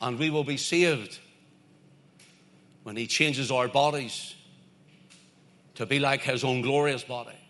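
A man's voice: medium pitch, slow, pauses often, fairly bright tone. A man preaching a sermon, emphatic and repetitive, building his points in lists.

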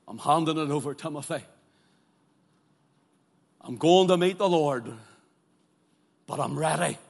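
A man preaching a sermon, moving between loud fervent declarations and quiet, pleading questions to his listeners. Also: a little high, unhurried, gravelly, pauses often. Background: congregation present, also streamed live.

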